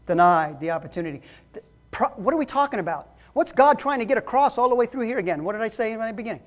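A man's voice: high-pitched, lively intonation, fast. A man preaching a sermon, emphatic and calling the congregation folks.

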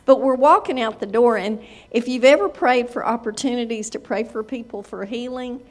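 A woman's voice: fairly high pitch, moderate pace. A woman telling a church testimony in a chatty, casual way, laughing as she talks. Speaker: church member sharing a testimony.

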